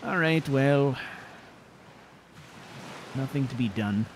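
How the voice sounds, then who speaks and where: A man with a medium-pitched voice speaks slowly and lightly acts as a fussy, bookish adventurer, narrating gameplay in character with prim, formal phrasing and grumbled asides. He sounds exasperated, and there's slight background noise.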